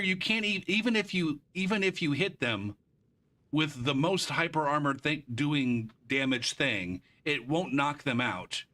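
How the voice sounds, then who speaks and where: Live-streaming a game, a man rants about it in a frustrated, profane way, drifting into rambling asides as he comments on the gameplay. His voice is on the high side with a sharp tone.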